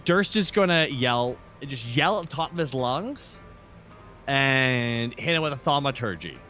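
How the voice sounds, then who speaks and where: A man's voice: mid-range voice, expressive, unhurried, sharp tone, soft background music. A man playing a tabletop game over a call, rambling animatedly through his turn with laughs. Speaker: player.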